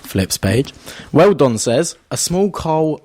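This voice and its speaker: A man's voice: on the high side, big pitch swings, slow pace, darkish tone. A man who is a regular on a fan radio show, reading listener messages with dry, self-mocking humour. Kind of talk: casual chat.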